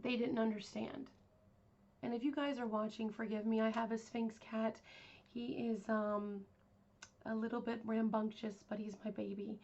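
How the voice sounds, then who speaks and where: A woman's voice: on the high side, level tone, moderate pace, darkish tone, muffled recording, a little hiss or hum. A woman hosting a true crime podcast, telling the story in a casual, rambling way with lots of fillers. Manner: rambling, chatty, with many fillers.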